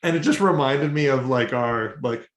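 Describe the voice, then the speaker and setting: A man's voice: medium pitch, moderate pace. A man co-hosting a casual podcast, laughing often and quoting cartoon lines. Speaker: podcast co-host. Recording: roomy echo.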